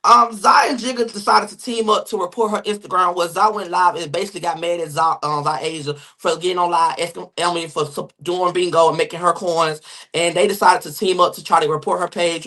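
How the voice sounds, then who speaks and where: This male gossip show host dishes gossip on a livestream in a sassy, rapid way, swearing and speaking straight to chat viewers. His pitch is fairly high and his tone sharp. The audio comes from a phone or webcam mic.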